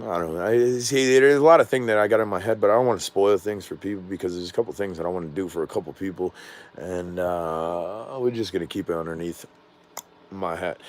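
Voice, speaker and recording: A middle-aged man with a Southern US accent, hosting a casual drone livestream in a loose, rambling way with frequent laughs. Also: lowish voice. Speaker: drone channel host.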